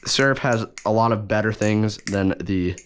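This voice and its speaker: A man's voice: on the low side, normal speed, background noise. A man talking casually through an unboxing and review, rambling and correcting himself as he goes, with enthusiasm. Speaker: balisong reviewer.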